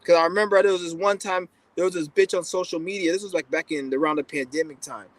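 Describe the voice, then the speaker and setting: A man's voice: a little high, fairly even intonation, fast talker, no room sound, low-quality recording. A man giving a blunt, profane, rambling casual monologue as a podcast host.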